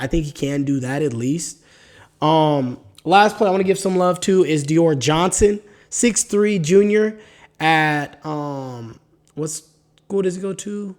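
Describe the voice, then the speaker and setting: A man's voice: sits high, darkish tone. A man hosting his own solo basketball podcast, talking casually with slang and reading off player stats, with the hiccups. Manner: casual, slangy, hype, reads off stat lines. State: has the hiccups. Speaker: podcast host. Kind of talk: solo sports podcast talk.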